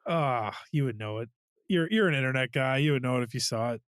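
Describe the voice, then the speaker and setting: A man's voice: mid-range voice, a little fast, a bit bright, clear, resonant tone, dry recording, clean studio sound. A man co-hosting a podcast in casual chat, laughing often as he retells movie scenes. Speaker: podcast co-host.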